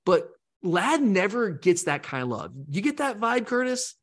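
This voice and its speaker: Animated man talking sports. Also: high voice, a little slow. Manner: animated, rambling, mimics fans in quotes. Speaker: podcast co-host. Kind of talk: casual sports talk.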